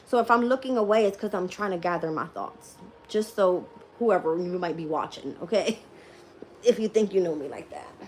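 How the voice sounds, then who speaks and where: A woman's voice: lowish voice, a little mellow, slight background noise. Tired, laughing woman tarot reader. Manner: laughs often, swears casually. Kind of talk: live-stream tarot reading and casual chat.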